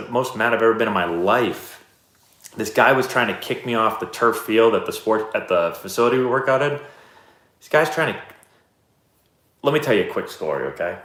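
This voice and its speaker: A man's voice: on the low side, fairly bright tone. Laid-back man chatting on a live stream. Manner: laid-back, rambling, self-deprecating storyteller. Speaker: host answering live chat questions. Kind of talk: casual chat. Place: indoor room, live stream. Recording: roomy echo.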